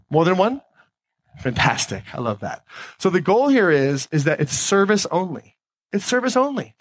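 A man's voice: sits high, a bit bright, no echo. A man giving a motivational talk on stage, emphatic, repeating key phrases and asking the audience questions. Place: stage before a live audience.

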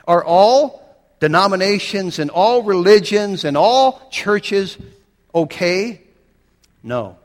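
A man preaching in a high voice, blunt and emphatic, firing pointed questions at his listeners. His sermon rings out with a long echo behind it. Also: lively intonation, slow pace. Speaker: pastor.

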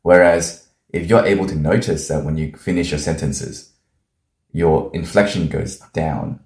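A man giving a voice lesson in a deliberate way, showing each change with his own voice. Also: extremely low pitch, darkish tone. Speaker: voice coach. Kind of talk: instructional talk. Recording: echoey room.

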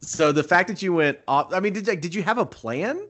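A man chatting casually as host, telling an excitable story and acting out what people said. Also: sits high, a little fast. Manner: excitable storyteller, acts out quoted talk. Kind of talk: casual chat.

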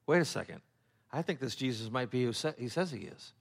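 A man preaching a sermon as a pastor, acting out biblical characters with laughing asides and dropping to a hush on solemn points. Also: mid-range voice, gravelly. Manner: animated storytelling, acting out voices of biblical figures, laughing asides; drops to a hushed, slow tone on solemn points.

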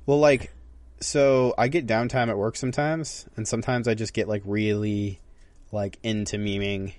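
A man's voice: fairly low pitch, fairly even intonation, normal speed, darkish tone, no room sound. A young man co-hosting a podcast in casual chat, telling stories in a rambling way and often restarting his sentences. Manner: rambling, self-interrupting storyteller. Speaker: podcast co-host.

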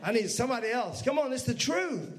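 A male pastor delivers a sermon in a strikingly high voice. He preaches with energy and turns to the congregation with asides. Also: expressive, fairly quick.

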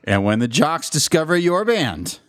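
A man's voice: a little high, very animated, normal speed, dry recording, studio quality. A man hosting a podcast in casual chat, who laughs easily and gives brief agreeing replies. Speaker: podcast host.

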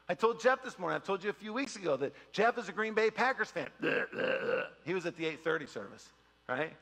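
Middle-aged pastor, high bright voice with gravel, chatty jokey sermon, long church-hall reverb. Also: male voice. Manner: animated, joking, mimics people in quick asides. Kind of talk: conversational sermon.

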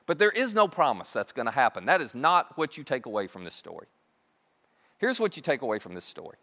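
Lively, bright-voiced man preaching. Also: mid-range voice, a little fast. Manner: conversational, humorous storytelling. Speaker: pastor. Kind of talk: sermon. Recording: echoey hall.

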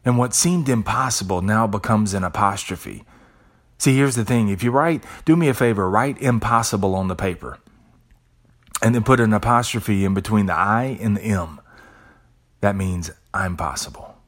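A man's voice: lowish voice, moderate pace. A man hosting a podcast, giving a profane, preachy motivational monologue. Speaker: podcast host.

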